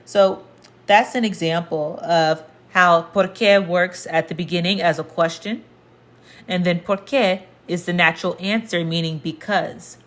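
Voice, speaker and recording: A woman's voice: on the low side, steady tone, unhurried. A woman teaching a casual language lesson, explaining patiently and repeating points to the viewer. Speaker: Spanish teacher.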